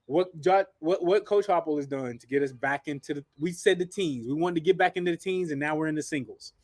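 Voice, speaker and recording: A man chatting casually as a panelist, excitable and quick to restart his sentences. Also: a little high, no echo, studio quality. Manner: excitable, stumbles and repeats words. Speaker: show panelist, former player. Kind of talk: casual chat.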